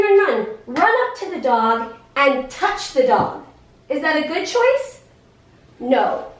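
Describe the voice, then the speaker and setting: A woman in her thirties explaining things to a class of children, in an animated, sing-song, teacherly way with many questions. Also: high voice. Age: 30s. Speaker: guest speaker in a special education class. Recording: echoey classroom, voice from far off.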